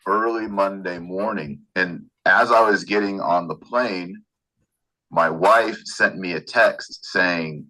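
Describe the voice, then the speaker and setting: A man co-hosting a casual podcast, recounting a personal story in a relaxed way. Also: low voice, slow, rough recording. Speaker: podcast co-host.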